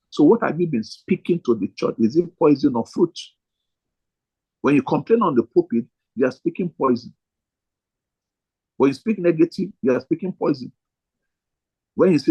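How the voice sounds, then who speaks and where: A man's voice: mid-range voice, expressive, normal speed, breathy edge, highs cut off. A man, a pastor teaching other pastors in a sermon style, emphatic and repeating his key phrases.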